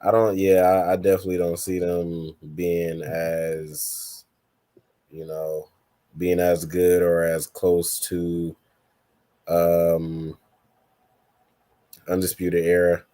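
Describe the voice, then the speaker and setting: A man co-hosting a casual wrestling podcast, speaking haltingly with many fillers. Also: low-pitched, monotone, warm tone. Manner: slow, halting speech with fillers. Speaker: podcast co-host.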